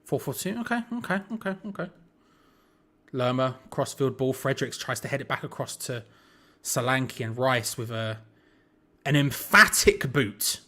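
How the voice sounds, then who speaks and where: A man's voice: medium pitch, normal speed, fairly bright tone. A young man hosting a live football watch-along, calling the play casually and chatting to viewers with frustrated asides. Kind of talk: live match commentary and chat.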